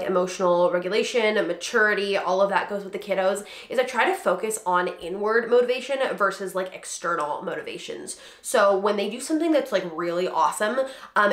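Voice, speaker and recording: A woman's voice: medium pitch, animated, fairly quick, fairly bright tone. A woman in her thirties chatting casually to camera about parenting, with lots of "like" fillers and acted-out quotes. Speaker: parenting vlogger. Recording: roomy echo.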